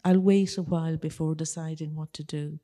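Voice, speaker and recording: A woman's voice: deep voice, fairly even intonation, brisk, dark tone, close to an everyday voice. A woman voicing a bewildered man who has just died, asking polite questions at heaven's gate. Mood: puzzled. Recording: long church reverb.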